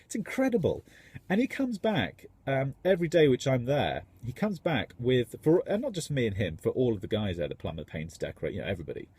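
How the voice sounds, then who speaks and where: A man's voice: medium pitch, huge pitch swings, fast, a little mellow, breathy edge. A man, a tradesman, rambling enthusiastically in a casual vlog. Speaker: tradesman contractor.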